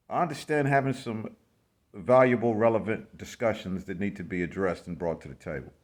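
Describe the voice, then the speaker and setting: A man's voice: lowish voice, fairly quick. A man from the United States ranting in a blunt, slangy way to his vlog audience, repeating himself with exasperation. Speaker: vlogger. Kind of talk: casual ranting commentary.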